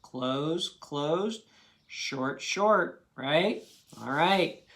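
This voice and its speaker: A man's voice: on the high side, lively intonation, very slow, a bit bright. A man teaching a children's phonics lesson, patiently sounding out words syllable by syllable.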